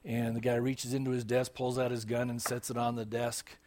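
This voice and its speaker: A man's voice: mid-range voice, completely flat delivery, a little fast, a little mellow. A man preaching a sermon, telling a story and acting out the dialogue with animation.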